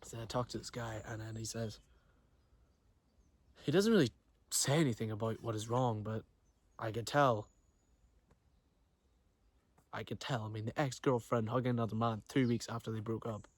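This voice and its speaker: A man's voice: lowish voice, normal speed, pauses often, no echo. A young man telling a story to camera outdoors, in a slangy, profane, rambling way with lots of restarts. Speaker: vlogger. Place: outdoors near trees. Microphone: camera he films himself with.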